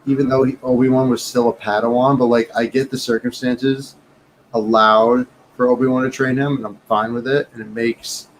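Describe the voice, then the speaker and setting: A man's voice: medium pitch, level tone, normal speed, low-quality recording. A man with a mid-range voice rambles through his thoughts, stopping often for an "uh." There is a faint noise floor behind him. He speaks as a co-host among friends. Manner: rambling, hesitant with fillers. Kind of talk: casual chat.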